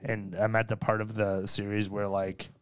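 A young man from Canada, chatting casually in a relaxed, rambling way. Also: on the low side, normal speed, clean tone. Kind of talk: casual chat.

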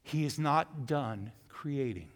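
A man preaching a sermon who acts out voices and swings from loud to hushed. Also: medium pitch, animated, slow, in a large hall. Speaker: pastor. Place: church.

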